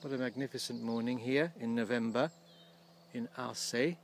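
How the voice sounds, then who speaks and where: A man giving casual, gently humorous commentary outdoors by a field, slowly explaining English words as he films. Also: medium pitch, slight background noise. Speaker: vlogger teaching English.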